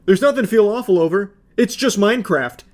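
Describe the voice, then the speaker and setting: A man in his thirties giving sarcastic, profane, deadpan commentary while reading text messages aloud. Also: sits high, brisk. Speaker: commentary host.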